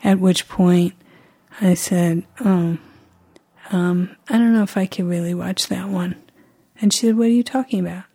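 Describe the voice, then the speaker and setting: A woman's voice: lowish voice, level tone, warm tone, breathy edge. Reflective woman telling a personal story. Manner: reflective, halting with restarts.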